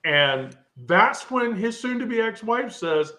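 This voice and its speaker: A woman's voice: lowish voice, very animated, unhurried, few pauses, a bit bright. A woman hosting a live social stream, telling a rambling, profane story full of asides.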